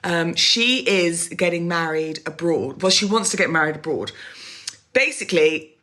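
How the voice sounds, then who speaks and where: A woman's voice: on the low side, lively intonation, normal speed, fairly bright tone. A woman hosting a casual solo podcast, chatty and oversharing, often laughing at herself and going off on asides. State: pregnant, baby kicking. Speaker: podcast host.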